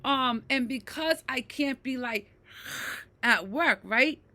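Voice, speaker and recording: A woman in her fifties talks straight to her viewers in an unhurried way. Her voice is bright and a little high. She is emphatic, keeps checking in with "right?", and moves between low, quiet stretches and loud, heated ones. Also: animated. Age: 50s. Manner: emphatic, repeats "right?" often. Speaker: mental health vlogger. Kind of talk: personal talk to camera.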